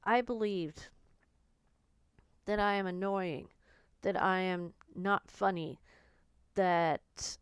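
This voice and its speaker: Woman, casual vlog monologue, smooth clear voice, dry close sound, blunt and emotional, swears. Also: on the low side, dry recording. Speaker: vlogger. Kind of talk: candid personal storytelling.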